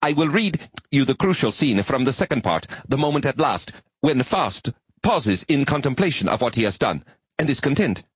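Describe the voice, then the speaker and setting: A man's voice: mid-range voice, big pitch swings, moderate pace, husky, dry recording, voice pushed up. A man voicing an earnest, fussy quasi-arachnid alien who speaks in stiff, formal phrasing in an audiobook.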